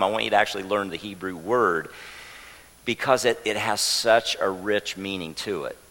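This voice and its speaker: A man's voice: mid-range voice, long reverb tail, rough recording. A man preaching a sermon as pastor, teaching with light jokes and getting the congregation to repeat a word with him. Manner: warm, joking teacher leading the congregation. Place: church sanctuary.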